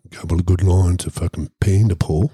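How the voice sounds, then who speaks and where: A man with an Australian accent telling a crude, deadpan comic tall tale on a podcast, swearing constantly. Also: low voice, fairly quick, heavy background noise. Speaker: podcast host.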